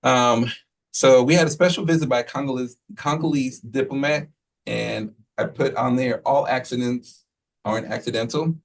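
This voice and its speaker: Gravelly man giving a rambling meeting report. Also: mid-range voice, moderate pace, far from the mic, rough recording. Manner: relaxed, rambling, many fillers and quoted asides. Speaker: school head giving a report to the board. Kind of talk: casual spoken report at a meeting.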